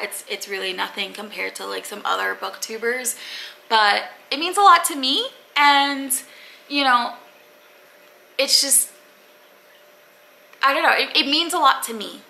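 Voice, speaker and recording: A woman's voice: on the high side, gravelly, pushed and bright, a little hiss or hum, rough recording. A young woman, a booktuber rambling casually to camera with lots of filler words. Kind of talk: casual unboxing chat to camera.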